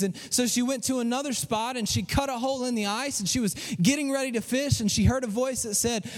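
A man preaching a sermon, telling stories with restarts and emphatic pauses. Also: very high voice. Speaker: pastor. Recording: long hall reverb.

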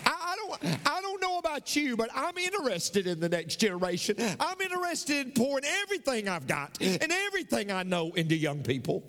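A man preaching a sermon as pastor, swinging between sudden high bursts and slow, drawn-out lines. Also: sing-song, a bit bright. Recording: long hall reverb.

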